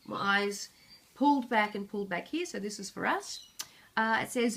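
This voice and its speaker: A woman's voice: medium pitch, expressive, moderate pace, a bit bright. A woman psychic reading oracle cards and books for a viewer, in an earnest, reflective way with light laughs. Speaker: psychic reader.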